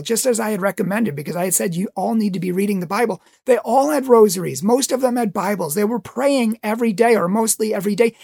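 A man's voice: high-pitched, vocal fry, darkish tone, slightly rough, dry recording, studio quality. A man who teaches religious education tells a story with passionate pleading and acts out voices. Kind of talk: impassioned storytelling talk.

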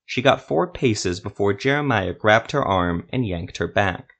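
Male storyteller, lowish voice, steady measured fantasy narration. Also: vocal fry.

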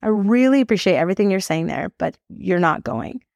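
A woman voicing her own mother as a calm, firm middle-aged parent, speaking low and unhurried. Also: vocal fry, no room sound, studio quality.

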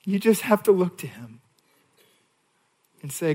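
A male pastor delivering a sermon, moving between hushed pleading and raised, emphatic preaching. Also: sits high, lively intonation, a little slow, slightly rough. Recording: long hall reverb.

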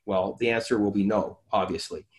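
A man, a physiotherapist hosting a casual podcast chat, animated and acting out his talks with patients. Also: lowish voice, brisk. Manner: animated, acts out conversations with patients.

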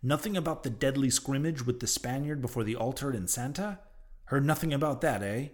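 A man's voice: mid-range voice, fairly quick, lightly acted. A man voicing a ragged old male sailor prophet who talks in emphatic, mocking old-fashioned sea speech. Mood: ominous. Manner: archaic sailor talk, emphatic, derisive.

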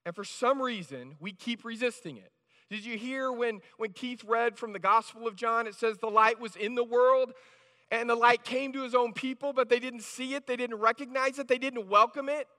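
A man's voice: extremely high pitch, moderate pace, bright, forceful tone. A male pastor preaching a sermon in a conversational way, often restarting phrases and checking in with the congregation. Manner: conversational, with frequent restarts and "right?" asides. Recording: reverberant hall.

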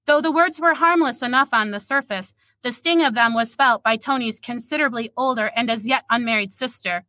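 Woman, writer, reading and chatting, modest, bright, fairly high, dry close sound. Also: brisk, hardly any pauses, no echo. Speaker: writer sharing a sprint. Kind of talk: reading her story, then casual chat.

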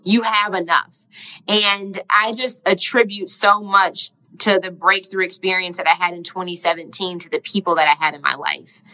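A woman's voice: on the low side, fairly even intonation, normal speed, pushed and bright, poor audio. A young woman talking earnestly and casually about her own growth, moved almost to tears at times. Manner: earnest, heartfelt, casual with filler "like". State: emotional, near tears. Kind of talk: reflective personal monologue.

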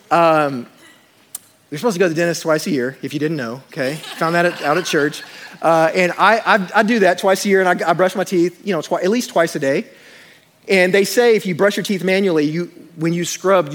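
A man preaching a sermon to a congregation in church, mixing scripture with funny personal stories and asides. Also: fairly high pitch. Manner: storytelling with humor, animated asides to congregation. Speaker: pastor.

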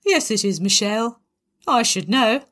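A woman voicing a booming, menacing mother-in-law. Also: expressive, normal speed, fairly bright tone. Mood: sweetly menacing. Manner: booming, then sugary and menacing.

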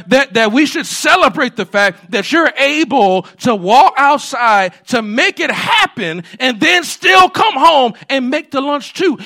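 A man a sermon in a conversational style, dropping to quiet asides and rising to shouted points. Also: very high-pitched. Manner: conversational preaching, swings between hushed asides and shouted points. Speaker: pastor.

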